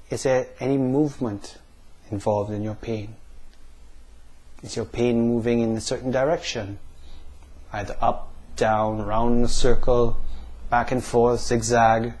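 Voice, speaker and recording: Speaking in a mid-range voice, a male NLP practitioner leads a guided visualization of pain, posing his questions slowly and calmly and pausing between them.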